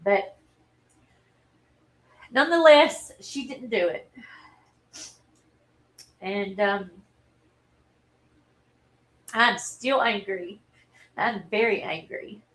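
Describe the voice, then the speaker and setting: A woman, telling a personal story in a halting, earnest and openly emotional way on a livestream. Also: medium pitch, fairly bright tone, low-quality recording. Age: 40s. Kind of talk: candid personal livestream talk.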